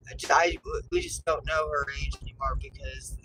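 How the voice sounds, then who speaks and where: A middle-aged grandmother tells family stories in a loose, rambling way, stopping often to search for words. Her pitch swings widely as she talks. A steady noise from nearby traffic and ambience sits under her voice. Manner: rambling, halting, with many fillers and restarts. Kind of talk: casual storytelling chat. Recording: noisy with vehicle and background hum.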